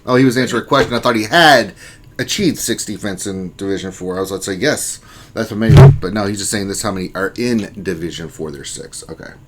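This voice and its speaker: A man's voice: fairly low pitch, quick pace, background noise. A man hosting a casual lunchtime livestream, greeting viewers by name and reading their chat messages aloud in a joking, laid-back way with casual swearing. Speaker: livestream host.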